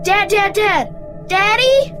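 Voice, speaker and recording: A woman voicing a panicky young girl, shouting frantically over background music. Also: very high-pitched, expressive, slow, voice pushed up, exaggerated voice. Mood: panicked. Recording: music playing underneath.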